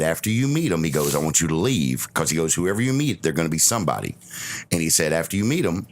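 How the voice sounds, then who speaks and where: A man on a casual podcast telling a long, rambling anecdote and quoting his mentor in his own voice. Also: sits low. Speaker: podcast guest of honor. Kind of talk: casual storytelling.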